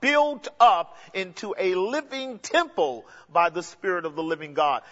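A man with a high-sitting, fairly bright voice preaches an expository sermon, emphatically explaining the text and speaking directly to the congregation. The recording is dull and lo-fi, with long hall reverb.

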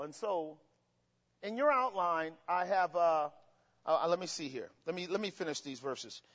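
His voice sits high and has a fairly bright tone as he teaches Bible study from the pastor's role. Emphatic and interactive, he gets listeners to fill in the ends of his sentences, and the audio is dull with lengthy hall reverb.

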